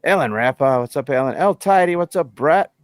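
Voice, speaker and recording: A man's voice: on the high side, animated, brisk, clean tone, dry recording. A man co-hosting a live show, chatting casually and reading out viewer names with laughs. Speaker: co-host of a livestream show.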